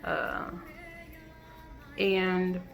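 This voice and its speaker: A woman telling a personal story in a reflective, halting way, with many fillers and restarts. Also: on the low side, completely flat delivery, gravelly, a bit bright, faint music behind. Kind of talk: personal testimonial monologue.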